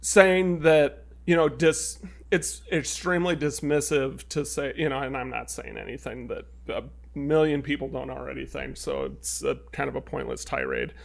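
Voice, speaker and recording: A man's voice: mid-range voice, animated, normal speed, vocal fry. A man co-hosting a podcast in casual chat, earnest and stopping to restart his thoughts. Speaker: podcast co-host.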